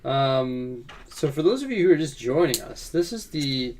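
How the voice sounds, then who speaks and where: A man co-hosting a casual livestream from home, relaxed and a little drowsy as he chats, on noisy audio. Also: mid-range voice, moderate pace. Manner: relaxed, drowsy, laughs easily. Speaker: livestream co-host. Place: home building room.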